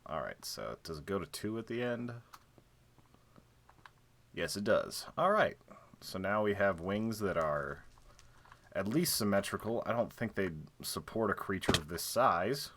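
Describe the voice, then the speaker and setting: A man's voice: sits low, expressive, measured pace, fairly bright tone, a little hiss or hum. A young man streaming a building game, chatting casually and jokingly, with lots of fillers, and counting blocks under his breath.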